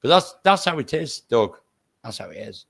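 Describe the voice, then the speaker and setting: A man's voice: medium pitch, very animated, normal speed, gravelly, fairly bright tone, slightly rough. A man with a Stoke-on-Trent accent mixed with Irish touches, a guest chatting casually on a live stream, blunt and swearing freely. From England.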